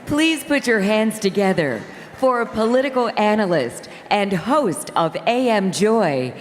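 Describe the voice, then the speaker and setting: A woman announcing the next speaker in a slow, drawn-out stage-announcer manner. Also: mid-range voice, lively intonation. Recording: far-off echoey hall with noise.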